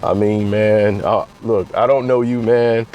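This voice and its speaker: A man puts on a much deeper voice for an aggrieved star athlete who speaks slowly and haltingly, full of ums. The tone is low and heavy. It is a comic impression recorded outdoors, with faint street and traffic noise behind. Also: fairly even intonation, darkish tone, lightly acted, low-quality recording.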